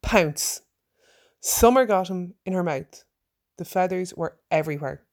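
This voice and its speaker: A woman reading a personal story aloud, acting out her own shouted lines with energy. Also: fairly low pitch, unhurried. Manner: lively, acts out her own shouted quotes.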